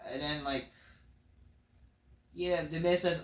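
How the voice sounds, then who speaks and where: High-voiced man in an echoey room. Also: moderate pace, fairly bright tone, lo-fi sound. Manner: rambling and offhand, heavy on fillers. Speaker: wrestling show reviewer. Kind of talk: casual recap commentary.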